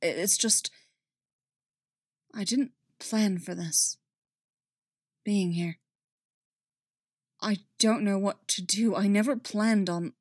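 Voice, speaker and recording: A woman's voice: medium pitch, fairly even intonation, takes it slowly, pauses often, no room sound, clean studio sound. A woman voicing a proud former imperial officer man who speaks in clipped, strained bursts in a read-aloud story. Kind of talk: audiobook-style story reading.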